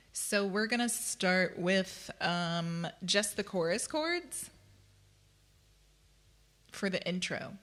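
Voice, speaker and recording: A woman's voice: lowish voice, a bit bright. A woman teaching ukulele in a live-streamed lesson, chatty and self-deprecating, often laughing between explanations. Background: her own ukulele playing.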